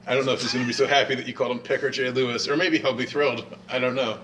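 A man's voice: mid-range voice, steady tone, very fast, a bit bright. Teasing male podcast host, off-mic. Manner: teasing, asks questions. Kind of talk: casual chat. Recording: distant mic with faint noise.

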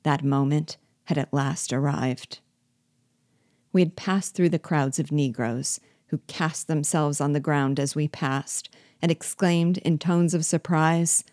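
A woman reading a classic novel aloud in a measured, expressive storytelling manner. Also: low-pitched, no echo, studio quality. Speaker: reader.

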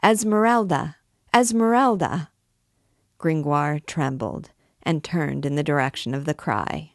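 Low, slow-reading woman storyteller. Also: creaky, no room sound, studio quality. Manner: measured, expressive storytelling. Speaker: reader and book guide. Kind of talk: reading a novel aloud.

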